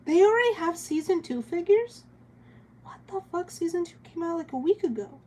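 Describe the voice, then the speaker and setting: A woman's voice: extremely high pitch, animated, moderate pace, warm tone. A young woman streaming as she draws, chatting casually with a giggly, rambling manner. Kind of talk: casual chat while drawing on stream.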